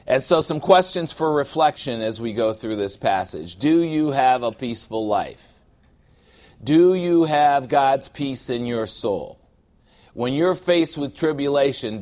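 A man's voice: medium pitch, a little mellow. A middle-aged man preaching a sermon as a pastor, conversational and humorous, acting out little scenes from everyday life.

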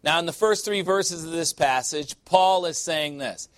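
In a church sanctuary, a pastor with a slightly high voice preaches at a measured pace, and the recording has no echo. He leads call-and-response amens and slips in playful jokes with the congregation between points.

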